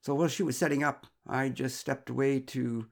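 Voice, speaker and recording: A man's voice: medium pitch, fairly even intonation, normal speed, vocal fry, voice pushed up. A man voicing a nervous, flustered middle-aged father who is out of breath and rambles with stammers and fillers.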